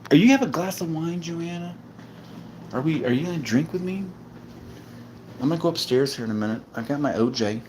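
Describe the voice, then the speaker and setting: A man's voice: fairly high pitch, animated, brisk, long pauses, a little mellow, a little hiss or hum. A man hosting a casual livestream, joking and rambling with lots of fillers while a bit drunk. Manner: rambling, joking, tipsy banter with frequent fillers. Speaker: livestream host.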